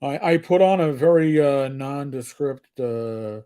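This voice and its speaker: A man's voice: mid-range voice, measured pace, dark tone, clean tone. An older man with a New York accent co-hosting a live stream, talking candidly in a rambling, swearing way. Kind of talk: casual live-stream chat.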